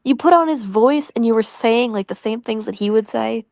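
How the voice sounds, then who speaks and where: A woman's voice: on the high side, moderate pace, vocal fry, darkish tone, dry recording, studio quality. A woman in a casual podcast chat, speaking frankly with many "like" fillers.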